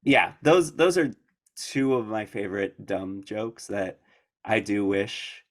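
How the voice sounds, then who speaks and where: A man's voice: lowish voice, slow pace. A man answering audience questions at a conference in a rambling, casual way, laughing often and restarting his sentences. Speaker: conference speaker.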